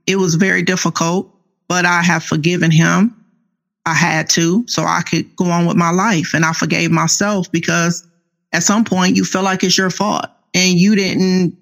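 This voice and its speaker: Woman in her fifties, author guest, gravelly tone, earnest testimony. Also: on the low side, a bit bright. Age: 50s. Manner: slow, earnest, faith-filled storytelling. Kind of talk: personal testimony interview.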